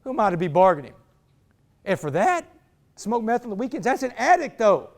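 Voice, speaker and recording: A man's voice: high voice, sing-song, fairly quick. A man gives a motivational talk to a team, telling his story dramatically and acting out the voices of others. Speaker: motivational speaker.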